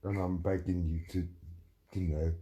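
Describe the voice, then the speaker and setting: A man's voice: sits low, flat delivery, moderate pace, mellow, slight background noise. A middle-aged man on a livestream, ranting angrily and threatening someone while answering chat, with a lot of swearing.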